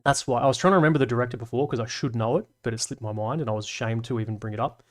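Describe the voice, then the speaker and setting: Man, streamer host, loose rambly chat, fillers, mid-pitched voice. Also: very fast. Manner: rambling, self-deprecating, full of fillers. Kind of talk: casual live stream chat.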